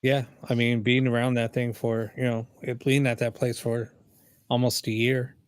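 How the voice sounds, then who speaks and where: A man's voice: medium pitch, little pitch movement, normal speed, no room sound, studio quality. A male host in casual chat, laid-back, laughing a little as he tells a story. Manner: laid-back, laughs while telling stories.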